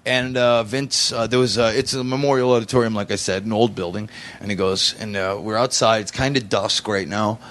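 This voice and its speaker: Guest, man, 40s, low voice, loose rambling anecdote, lots of fillers. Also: fairly even intonation, a little fast, fairly bright tone. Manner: rambling, many fillers and restarts. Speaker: podcast guest. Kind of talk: casual storytelling.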